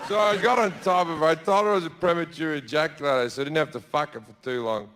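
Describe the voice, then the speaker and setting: A man's voice: fairly high pitch, fast talker, noisy background. Brash stand-up man, crude storytelling. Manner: crude, brash, deadpan asides with shouted put-on voices. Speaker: stand-up comedian. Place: theatre stage before a laughing audience.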